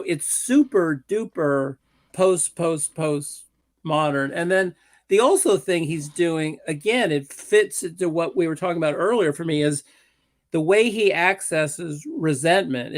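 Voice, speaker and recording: A man on a panel, theorizing in a musing, amused way. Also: fairly high pitch. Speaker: political commentator on a panel. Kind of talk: analytical panel talk.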